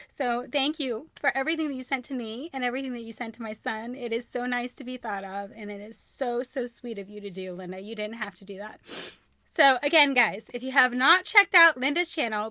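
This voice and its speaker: A young woman vlogging at home, unboxing gifts from a friend in a gushing, excitable way, with squeals and gasps. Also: a little high. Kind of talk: casual vlog unboxing.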